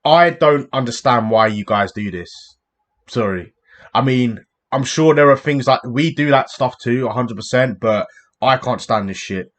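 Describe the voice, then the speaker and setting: A man's voice: medium pitch, moderate pace, fairly bright tone. A British man chats loosely and bluntly to his viewers, dropping "man" at the end of his thoughts. He reacts as he goes, in an everyday casual way. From United Kingdom. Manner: chatty, blunt, addresses viewers directly with "man". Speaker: reaction video host. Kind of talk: casual chat.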